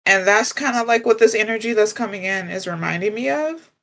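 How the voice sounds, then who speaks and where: A woman co-hosting a relaxed spiritual conversation, with a gentle, reflective way of talking. Her voice sits in a middle range, and she laughs easily between thoughts. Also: medium pitch, a little fast. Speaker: podcast co-host. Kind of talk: casual spiritual chat.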